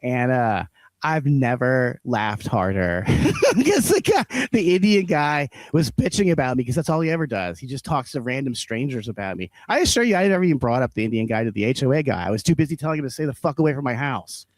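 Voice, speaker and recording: A man's voice: medium pitch, sing-song, fairly quick, dry recording. A man co-hosting a podcast, ranting in a heated, profane, casual chat. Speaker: podcast co-host.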